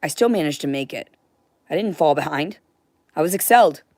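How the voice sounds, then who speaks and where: A woman with a low-set voice rants her way through a long livestream monologue. She is profane and rambling, and sounds close and dry with no room around her. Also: animated, fairly quick, darkish tone, no room sound.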